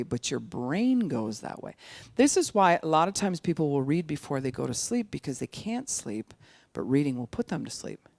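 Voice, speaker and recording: Older animated recovery-outreach speaker. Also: medium pitch, no room sound. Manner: animated, acts out quoted voices, sometimes slows speech right down to demonstrate. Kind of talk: informal teaching talk.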